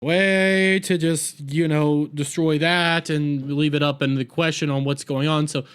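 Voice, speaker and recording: A man recaps an episode in a loose, rambling way with frequent sarcastic asides. His voice sits high for a man. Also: steady tone, measured pace, fairly bright tone, clear, resonant tone. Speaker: TV episode reviewer. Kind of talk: casual recap review.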